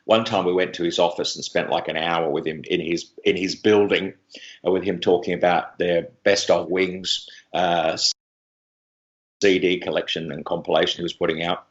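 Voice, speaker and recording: A man, a radio presenter telling rambling, animated stories in an interview. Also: deep voice, normal speed, highs cut off. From Australia. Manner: rambling, animated storyteller with many restarts. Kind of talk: anecdotal interview chat.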